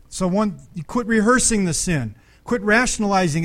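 A middle-aged man preaching a sermon, conversational and animated, with frequent restarts and sudden loud peaks. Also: high-pitched, moderate pace. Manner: restarts and repeats words often. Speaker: pastor.

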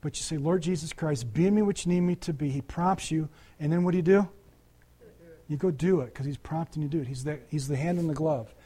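A man's voice: on the high side, fast talker, mellow, breathy edge. An older man preaching a conversational sermon, talking to the congregation with frequent asides and restarts. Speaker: pastor.

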